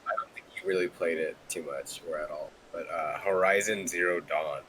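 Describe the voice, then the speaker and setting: A man chatting excitedly about games, swearing a lot and saying "like" constantly. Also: sits low, normal speed, a little hiss or hum, low-quality recording. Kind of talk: casual gaming chat.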